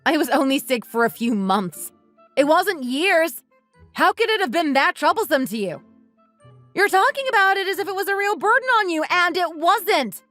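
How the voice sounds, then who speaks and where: A woman plays a bitter wife in a texting-story drama. Her voice sits high and moves a lot as she lays out her grievances bluntly. Faint music runs underneath. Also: animated, brisk, pushed and bright, exaggerated voice. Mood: accusing. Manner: accusing, resentful, blunt. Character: bitter wife divorcing her uncaring husband. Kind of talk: text-message story dramatization.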